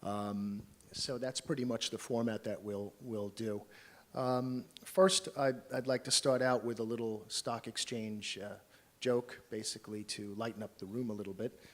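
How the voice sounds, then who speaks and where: An American man moderating a panel at a conference workshop, talking in a relaxed, chatty way with many fillers. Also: fairly low pitch, normal speed.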